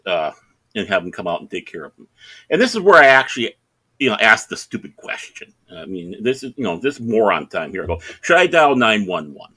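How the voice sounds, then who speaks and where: A middle-aged man, a podcast co-host, tells a long anecdote in casual chat, acting out the other people in the story in raised voices. His voice is medium-pitched with a sharp tone and a breathy edge.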